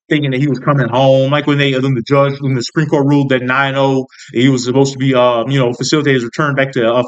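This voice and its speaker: A young American man rants angrily in a political commentary vlog, his medium-pitched voice recorded with the highs cut off. He swears constantly, keeps restarting sentences and rambles in frustration.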